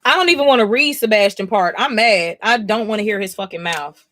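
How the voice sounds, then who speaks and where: A woman hosting a live comic-reading stream, reacting in an animated, profane, exclaiming way. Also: mid-range voice, a little fast. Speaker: comic-reading livestream host.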